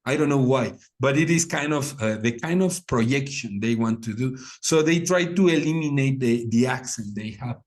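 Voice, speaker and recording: Male english teacher, second-language speaker, halting with lots of ums, mid voice. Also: mid-range voice. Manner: hesitant, many fillers. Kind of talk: online class discussion.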